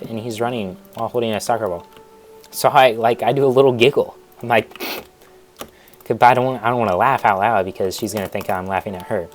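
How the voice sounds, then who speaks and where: A man's voice: lowish voice, brisk, slight background noise. A young man casually telling a rambling school story in a storytime vlog, digressing and restarting often. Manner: rambling, digressive, self-interrupting.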